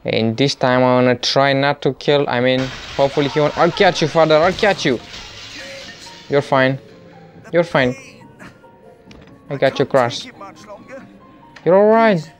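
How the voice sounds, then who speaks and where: Excitable, jokey male gamer. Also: medium pitch, moderate pace, pauses often, soft background music. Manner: excitable, jokey, panicky outbursts. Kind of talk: let's play commentary.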